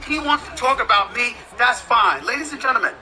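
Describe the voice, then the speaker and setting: A man's voice: expressive, brisk, bright, forceful tone, rough recording. Fiery combative man in his fifties. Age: 50s. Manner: emphatic and combative, repeating questions and climbing to a high, strained pitch. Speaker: sports commentator. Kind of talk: impassioned monologue rant.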